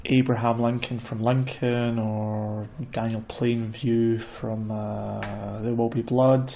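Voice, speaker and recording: A man telling a comedic story in a rambling, deadpan way, full of hesitations and restarts. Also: mid-range voice, takes it slowly, gravelly, slight background noise. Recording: muffled, roomy recording.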